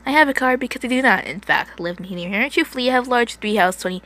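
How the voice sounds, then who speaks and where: A woman's voice: a little high, fast, pushed and bright, pitched above the performer's own voice. A woman voicing a man who is a secretive father of many children, speaking in a matter-of-fact way from a read-aloud story. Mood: explaining.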